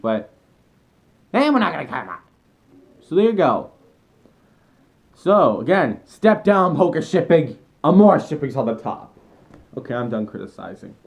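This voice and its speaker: Excitable young man ranting as a fan. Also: medium pitch. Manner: animated, excitable, rambling with self-corrections. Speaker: vlogger.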